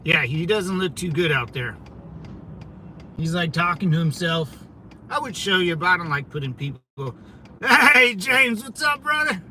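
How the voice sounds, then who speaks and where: A man's voice: a little high, moderate pace, pauses often, pushed and bright, a little hiss or hum, rough recording. A man livestreaming casually from his car, rambling loosely and greeting viewers by name. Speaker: vlogger streaming while driving.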